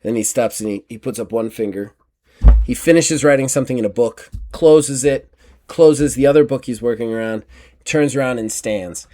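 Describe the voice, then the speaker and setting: A male game master describing scenes in a tabletop game. He rambles on with lots of fillers, stops and restarts, at a medium pitch. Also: normal speed, warm tone.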